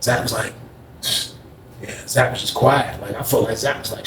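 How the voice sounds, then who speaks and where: A man casually telling a story in a slangy, animated way, recorded in an echoey room. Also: medium pitch, fairly quick, background noise.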